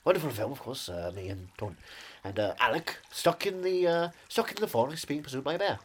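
Deadpan male podcaster who talks fast and spins absurd tangents. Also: a little high, husky. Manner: deadpan, rambling absurd jokes. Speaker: podcast co-host. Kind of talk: casual comedic chat.

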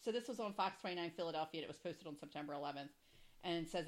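A woman's voice: deep voice, very fast. A young adult woman hosting a podcast, telling stories with a lot of swearing and laughter in casual chat. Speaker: podcast host.

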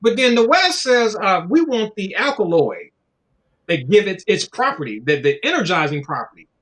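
A man's voice: sits high, sing-song, moderate pace, fairly bright tone. A man in casual conversation, talking in a loose, profane, preachy way and acting out little voices as he goes. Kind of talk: casual chat.

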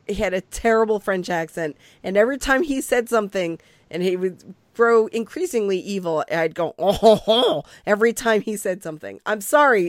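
A woman hosting a casual fan podcast, talking in animated, rambling bursts with laughing asides. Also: mid-range voice, dry recording. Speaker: podcast host.

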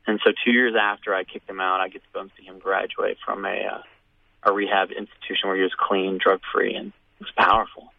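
A man telling a personal story in a casual, animated way, acting out what others said. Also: low voice, a little fast, vocal fry, no echo. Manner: animated, acts out quoted voices. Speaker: guest telling his story. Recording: phone-like radio audio.

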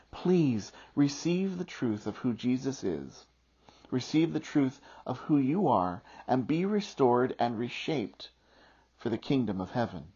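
A man's voice: mid-range voice, a little mellow, breathy edge. A middle-aged man preaching a sermon as a pastor, telling a self-deprecating story before turning earnest. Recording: muffled lo-fi recording.

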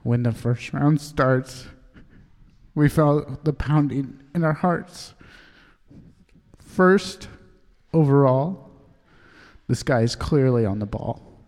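A man playing an overly earnest male poet who chokes up while reading his own verse, in a halting, self-serious way for a comedy sketch. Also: mid-range voice, darkish tone. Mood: solemn. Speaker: guest poet. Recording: long reverb.

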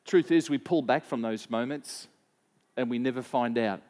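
A man's voice: medium pitch, normal speed, a little mellow. A man preaching a sermon as pastor, conversational, telling personal stories and asking the congregation questions. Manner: personal anecdotes, frequent repeats and fillers.

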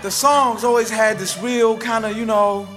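A man performing a personal story live on stage, with a rhythmic, theatrical delivery that swings sharply in pitch and loudness. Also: fairly even intonation, normal speed. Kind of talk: live spoken-word storytelling. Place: stage before a live audience. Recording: live stage recording with music bed underneath.

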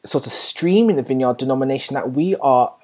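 A woman with an unusually low, mellow voice gives an earnest church teaching. Her tone is a little husky, and she speaks encouragingly, trailing into fillers and quick self-corrections.

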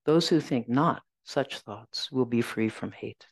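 A woman Zen teacher giving a dharma talk, reflective and gentle, telling a personal story and reciting verses slowly. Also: a bass voice, slightly rough, no room sound.

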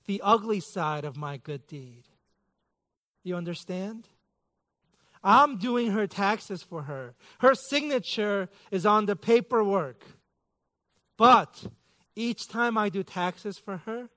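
A man in his thirties preaches to his congregation in a fairly high voice. He tells stories about himself with dry, self-mocking humor and bursts of playful mock outrage. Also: a bit bright. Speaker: pastor. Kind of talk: sermon.

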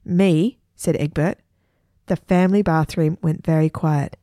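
A woman storyteller reading a children's adventure story aloud with lively expression. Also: sits low, moderate pace, no room sound, studio quality.

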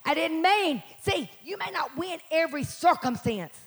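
Scratchy-voiced woman preaching loudly. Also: very high voice, animated, normal speed, soft background music. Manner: preaching with call-outs, shouting and singing. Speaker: pastor. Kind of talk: sermon.

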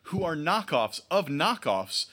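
A man's voice: fairly high pitch, big pitch swings, measured pace, bright, forceful tone. A man co-hosting a podcast in casual chat, wry and joking, laughing often. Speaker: podcast co-host.

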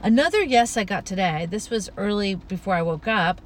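A woman hosting a spiritual podcast, talking in a gentle, flowing, earnest way with many soft asides. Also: medium pitch, expressive, brisk. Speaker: podcast host.

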